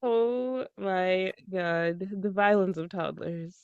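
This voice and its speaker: A woman's voice: medium pitch, takes it slowly, clear, resonant tone, no echo, muffled recording. A young woman co-hosting a podcast, blunt and profane, laughing often as she tells stories about her toddler. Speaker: podcast co-host. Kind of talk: casual chat.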